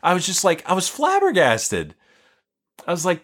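Lively, incredulous woman co-host. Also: fairly low pitch, normal speed. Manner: animated, incredulous, laughs often. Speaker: podcast co-host. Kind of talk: casual chat reviewing a TV episode.

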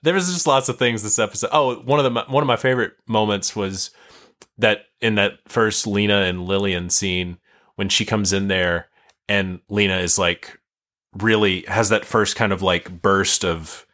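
A man's voice: fairly low pitch, moderate pace, bright, forceful tone. A young man co-hosting a podcast, rambling casually with lots of fillers and self-deprecating asides. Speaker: podcast co-host. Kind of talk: casual chat.

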